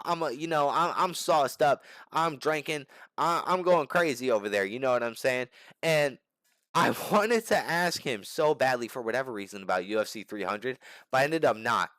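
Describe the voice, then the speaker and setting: Animated slangy young man telling a story. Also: medium pitch, no echo. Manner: animated, slangy and profane, with frequent restarts. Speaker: channel host. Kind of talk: casual storytelling to the camera.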